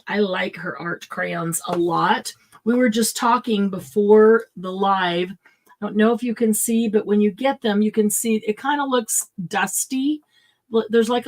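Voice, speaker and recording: A middle-aged woman hosting a live craft supply sale, chatting casually and thinking aloud as she sets prices. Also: medium pitch. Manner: chatty, thinks aloud while pricing items.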